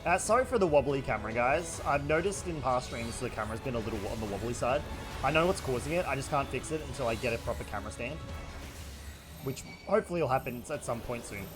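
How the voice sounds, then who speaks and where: An energetic Australian man chatting and joking while streaming a game. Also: medium pitch, fast, over music. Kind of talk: casual gaming livestream chat.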